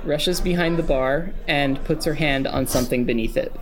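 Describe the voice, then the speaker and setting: A man narrating a tabletop game as game master, relaxed and laughing at his own jokes. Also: fairly high pitch, normal speed.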